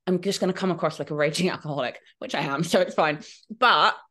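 A woman's voice: lowish voice, quick pace, pushed and bright. A woman co-hosting a podcast in casual chat, laughing often and swearing freely. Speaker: podcast co-host.

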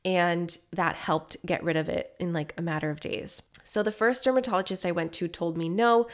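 A young woman with a fairly low voice talks through a solo skincare podcast, chatty and candid, with easy laughs. Allergies have left her sounding congested. She speaks like a host sharing personal updates with her listeners. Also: moderate pace. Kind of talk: casual solo podcast chat.

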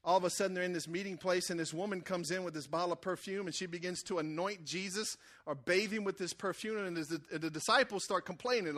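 Bright high-voiced preacher. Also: male voice, quick pace, hardly any pauses. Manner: conversational, call-and-response preaching with acted-out quotes. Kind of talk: sermon.

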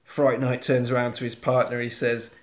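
A man co-hosting a podcast, recapping a film in casual chat as an animated storyteller who swears freely. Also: medium pitch, normal speed. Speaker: podcast co-host. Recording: echoey room.

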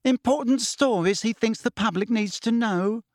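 Snide gossipy lady reporter, cold and cutting, pitched up high, man doing the voice. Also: sing-song, normal speed, slightly rough, no room sound, studio quality. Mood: withering. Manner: cold, scornful, cackling. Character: scheming gossip-hungry middle-aged female reporter.

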